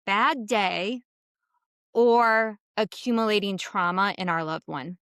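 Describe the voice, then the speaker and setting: Woman, middle-aged, podcast host, earnest questions, smooth clear voice, dry close mic. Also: medium pitch, slow pace, a bit bright, no echo. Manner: earnest, thoughtful, asks guest questions. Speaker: podcast host, first responder's spouse. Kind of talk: casual interview hosting.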